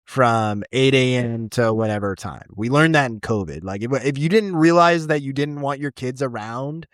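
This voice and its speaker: A man who teaches high school English, chatting casually on a podcast and rambling with frequent restarts and the odd swear word. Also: moderate pace, no room sound, clean studio sound.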